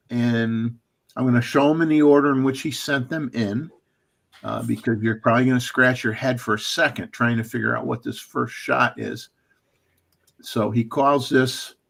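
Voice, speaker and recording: A gravelly, mid-range-voiced man hosts a photography livestream in a relaxed, chatty way. He reads out viewers' photo details, including camera settings.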